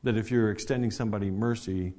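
A man's voice: fairly low pitch, fairly even intonation, fast talker, dark tone. A man preaching a sermon in a conversational way, with frequent restarts and direct questions to the congregation, growing emphatic at key points. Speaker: pastor.

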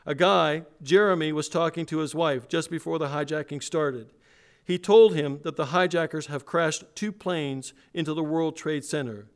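A man's voice: a little high, normal speed, pitched above the performer's own voice, lightly acted. A man preacher reading aloud the words of a frightened male airline passenger on an emergency call, in an urgent, pressed way. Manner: urgent, pressed, raised read-aloud delivery.

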